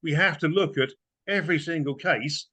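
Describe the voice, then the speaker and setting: A man's voice: a little high, normal speed, sharp tone, breathy edge. A man as a guest in a casual political chat, indignant and emphatic. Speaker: guest commentator.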